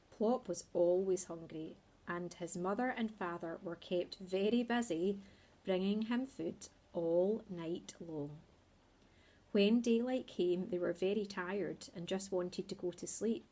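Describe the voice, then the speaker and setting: A woman reading a children's story aloud in a slow, expressive way. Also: fairly low pitch.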